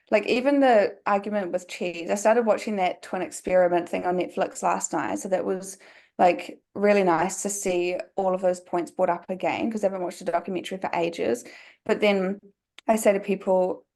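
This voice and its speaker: A woman's voice: mid-range voice, a little mellow. A young woman from New Zealand with a New Zealand accent, a podcast guest talking casually and filling her sentences with "like". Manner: chatty, many "like" fillers.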